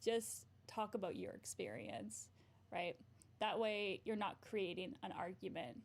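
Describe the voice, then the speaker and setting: Brief: young woman therapist hosting a casual stream, slightly gravelly, tags "right?" a lot. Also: medium pitch, sing-song, measured pace. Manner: frequent "right?" tag questions, laughs often. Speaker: therapist and livestream host. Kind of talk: casual livestream advice chat.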